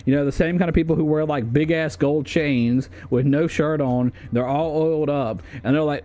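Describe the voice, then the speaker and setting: A man's voice: fairly high pitch, normal speed, warm tone. Rambling, profane streamer man. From United States. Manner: profane, rambling, lots of fillers and restarts. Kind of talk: livestream commentary ranking a tier list.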